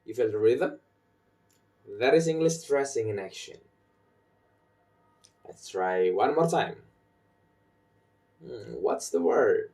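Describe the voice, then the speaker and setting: Slow, deliberate young man teaching stress. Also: medium pitch, animated, warm tone, distant mic. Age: young adult. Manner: slow, deliberate, repeats example sentences with marked stress. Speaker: student presenter. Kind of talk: recorded phonology lesson. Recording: voice set back from the mic.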